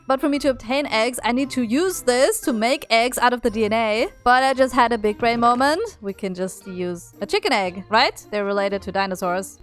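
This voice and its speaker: A woman narrating a gameplay vlog, excitable and gushing, swinging between casual chatter and delighted squeals. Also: fairly high pitch. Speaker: gaming YouTuber. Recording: faint background music.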